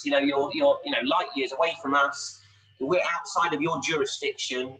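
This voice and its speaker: Bright-voiced preacher, a bit off-mic. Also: male voice, on the high side, steady tone, normal speed, far from the mic, rough recording. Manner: expository, rhetorical tag questions. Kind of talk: sermon. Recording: voice a little off-mic, faint hum.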